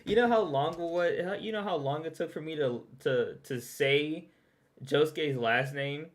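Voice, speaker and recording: A man's voice: on the high side, normal speed. A young man streaming a casual reaction to a recap video, chatty, laughing often and repeating himself as he talks.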